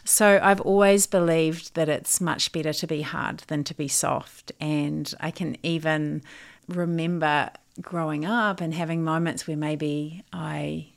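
A woman's voice: deep voice, steady tone, a little slow, creaky. A middle-aged woman from Australia, a coach hosting her own podcast, talking in a thoughtful, earnest way. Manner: thoughtful, earnest, with occasional laughs. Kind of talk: reflective solo podcast talk.

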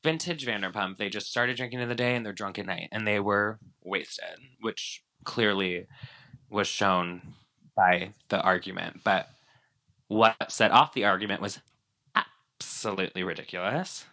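A man with a fairly low but bright, forceful voice, chatting loosely about a reality show. He piles on fillers and the odd swear word, animated and conversational. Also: normal speed. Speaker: podcast co-host. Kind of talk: casual reality TV recap chat.

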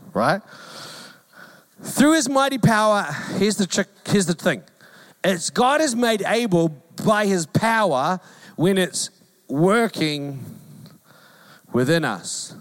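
Male pastor, New Zealand accent, lively joking sermon delivery, voice sits high. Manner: animated, jokey, mimics calls in a high voice. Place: church hall.

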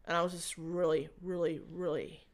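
A woman's voice: on the low side, flat delivery. Rambling woman telling her story. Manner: rambling, halting, with frequent restarts. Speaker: interviewee sharing a personal faith story. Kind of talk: conversational testimony.

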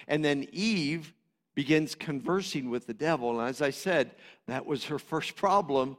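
High-voiced preaching man in a reverberant hall. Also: measured pace. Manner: passionate, swings between loud emphatic preaching and quieter explaining. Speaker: pastor. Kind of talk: sermon.

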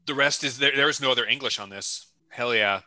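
Bright, profane man in casual chat. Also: medium pitch, a little fast, no room sound, rough recording. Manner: profane, exclaiming, joking. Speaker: podcast co-host tasting snacks.

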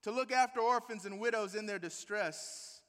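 A man preaching a sermon as pastor, animated and emphatic, tossing rhetorical questions at the congregation. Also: high-pitched, moderate pace, long reverb tail.

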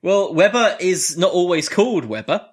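A man's voice: sits high, expressive, normal speed, husky. A man co-hosting a casual chat, reading out robot facts between frequent laughs. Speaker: podcast co-host.

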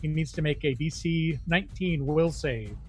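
A man with a slightly raised pitch plays his character in a tabletop session. He jokes his way through spell descriptions and quick asides. Soft music sits faintly underneath. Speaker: player. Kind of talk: casual tabletop play.

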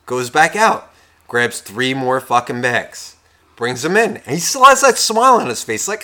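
A man's voice: medium pitch, animated, a little slow, sharp tone. A man co-hosting a podcast, telling a story in a heated, profane rant. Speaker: podcast co-host. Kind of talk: casual comedic storytelling.

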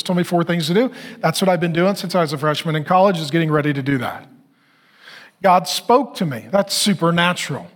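A man's voice: a little high, fairly quick. A middle-aged man preaching as a pastor, telling stories in an earnest, conversational way and acting out the dialogue. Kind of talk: sermon storytelling.

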